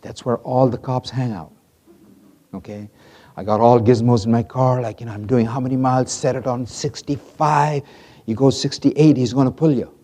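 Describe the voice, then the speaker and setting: A middle-aged man preaching a sermon, telling stories dramatically and swinging from loud to hushed. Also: mid-range voice, steady tone, moderate pace. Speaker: pastor.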